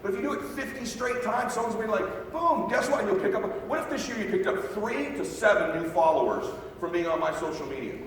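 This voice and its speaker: A man's voice: sits high, expressive, slight background noise. Brash, profane man speaking onstage in an echoing hall. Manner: brash, profane, pushy and fast-talking, often asks the crowd if they follow. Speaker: motivational speaker. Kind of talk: live motivational talk to a sales team. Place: large hall, stage at a live event. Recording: very echoey hall, voice from far off.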